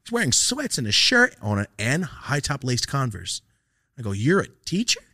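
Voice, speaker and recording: A man hosting a podcast, telling a comic story casually with lots of swearing and animated energy. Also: mid-range voice, moderate pace, no room sound, studio quality. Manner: animated, profane, acts out quoted lines. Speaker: podcast host.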